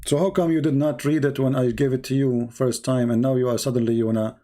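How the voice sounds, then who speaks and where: A man's voice: mid-range voice, steady tone, fast, mellow. Insistent man in a heated debate. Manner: insistent, repeats phrases. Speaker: debate show host.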